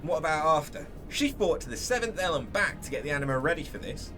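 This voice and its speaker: A man's voice: fairly high pitch, lively intonation, fast talker, close to an everyday voice. A man voicing a blunt male blacksmith who scolds coarsely and swears freely, over game music. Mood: scolding. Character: gruff blunt male blacksmith, foul-mouthed.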